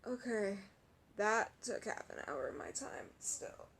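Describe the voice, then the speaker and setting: A woman's voice: medium pitch, big pitch swings, gravelly, a bit bright, slight background noise. A young woman commenting on a game, hiccuping and out of breath, laughing and gasping often. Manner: laughs a lot, gasping, drawn-out sighs. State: hiccuping, out of breath, chest aching. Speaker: roleplay gamer commenting on a game.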